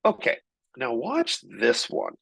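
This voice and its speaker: A man presenting marketing tools in an energetic, chatty live software demo, with quick shifts in pace. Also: medium pitch, gravelly, husky, poor audio.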